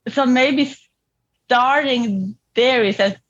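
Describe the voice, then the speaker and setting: A woman as a therapy client, talking reflectively and hesitantly with restarts and soft laughs, over a video call. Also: sits high, slow pace, lo-fi sound. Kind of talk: therapy session talk.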